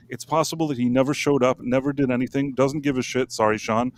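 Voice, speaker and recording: Man, co-host, casual rambling live-stream chatter, mid pitch. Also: steady tone, fast talker, slight background noise. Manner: rambling, joking, frequent fillers and restarts.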